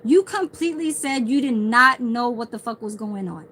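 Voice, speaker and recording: Rambling, profane woman streamer with a slightly high voice, faint room ambience. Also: expressive, moderate pace, bright, forceful tone, a little hiss or hum, poor audio. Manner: heavy swearing, rambling storytelling. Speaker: livestreamer. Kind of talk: casual livestream rant.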